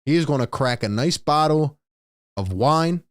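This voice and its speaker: A man's voice: fairly high pitch, lively intonation, unhurried, no echo. A man hosting a live-stream sports commentary, ranting in exasperation to his chat. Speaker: sports talk host.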